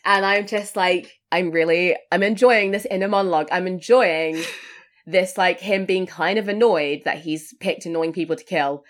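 A woman's voice: fairly low pitch, normal speed. A woman hosting a podcast, chatting casually about films, laughing often and swearing now and then. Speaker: podcast host. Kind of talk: casual film discussion.

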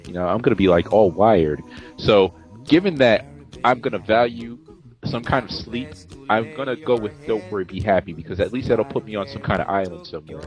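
Man, lowish voice, rambling and casual, faint music behind. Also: fairly quick. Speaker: interviewee. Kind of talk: casual street interview answer.

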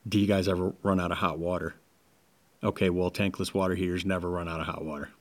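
A man co-hosting a casual sales-training podcast, who talks animatedly and acts out sales pitches. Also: level tone, quick pace. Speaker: podcast co-host.

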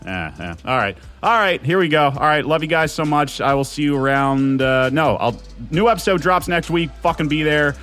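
A young man hosting his own podcast, rambling and swearing in a manic, excitable way as he pitches the show. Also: normal speed, hardly any pauses, soft background music. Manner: manic, rambling, swearing, bursts of shouting and laughter. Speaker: podcast host. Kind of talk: casual solo podcast teaser.

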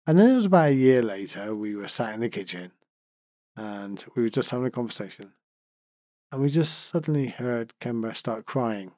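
A man's voice: mid-range voice, expressive, moderate pace, a little mellow, no room sound, clean studio sound. A middle-aged man hosts a reflective podcast monologue, talking in an earnest, heartfelt, musing way. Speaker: podcast host.

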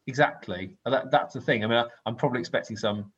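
A man's voice: mid-range voice, fast talker, fairly bright tone, breathy edge, highs cut off. A man co-hosting a casual chat, rambling and correcting himself mid-sentence with apologetic asides.

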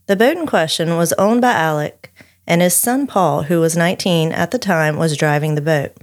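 A woman with a drawl narrates a researched true-crime case for her podcast. Her voice sits a little low, and she reads steadily but breaks off for friendly back-and-forth with her co-host. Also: moderate pace. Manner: steady storyteller reading researched notes, chatty asides.

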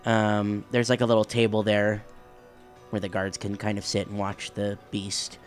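A man running a tabletop game, describing the scene in a relaxed, casual way. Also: on the low side, moderate pace, faint music behind. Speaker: game master.

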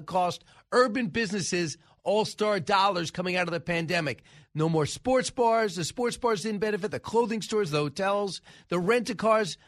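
A man hosting a talk radio show, giving emphatic, scoffing political commentary into a studio microphone. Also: sits high. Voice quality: emphatic, scoffing, frequent uh fillers.

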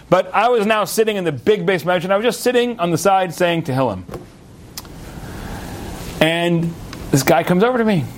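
A young American man tells a story in a Torah talk, chatty and full of asides and restarts. His voice sits a little high and jumps around a lot. A faint hiss of noise runs under the recording. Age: young adult. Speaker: rabbi.

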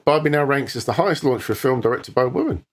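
A man's voice: medium pitch, expressive, racing. A man on a podcast reading out film news items in a matter-of-fact way.

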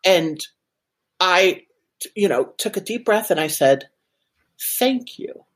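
Husky woman guest, super lively voice, storytelling with lots of "like". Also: on the low side, measured pace. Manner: animated, many fillers like "like". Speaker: guest, organization president. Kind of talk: storytelling in a podcast interview.

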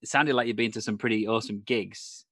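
Man, interview host, low voice, dry close sound, friendly questions. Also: steady tone, fast talker, a bit bright, no echo. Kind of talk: casual interview.

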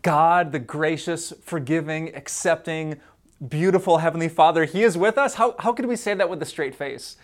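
A man's voice: on the high side, normal speed. A man preaching a devotional sermon in a conversational, playful way, stacking emphatic lists and breaking into laughs. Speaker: pastor.

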